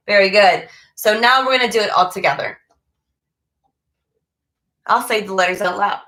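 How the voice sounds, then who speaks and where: A woman's voice: medium pitch, animated, unhurried, long pauses, pushed and bright, faint music behind, rough recording. A woman teaching a violin lesson online, who is losing her voice, patiently calling out note names and finger numbers.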